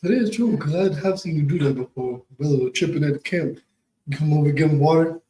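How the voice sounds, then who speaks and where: A man's voice: a little high, quick pace, warm tone. A man in a class, animatedly backing up the speaker. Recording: echoey room.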